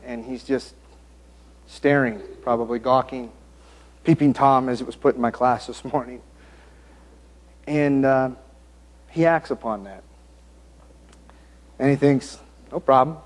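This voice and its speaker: A man preaches with a mid-range voice at a moderate pace, leaving long pauses. His sermon is animated storytelling, with scenes acted out, jokes, and self-interrupting asides.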